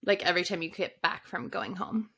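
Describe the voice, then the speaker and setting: A woman's voice: fairly low pitch, brisk, creaky, pushed and bright, slightly rough. A young adult woman co-hosting a podcast, chatting casually and offering supportive reactions. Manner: supportive, short reactions, easy laughs. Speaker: podcast co-host. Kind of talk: casual chat.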